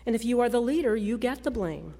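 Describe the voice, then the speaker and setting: A woman pastor delivering a sermon in a measured, storytelling way. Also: a little high, expressive, dark tone. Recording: long reverb of a large church hall.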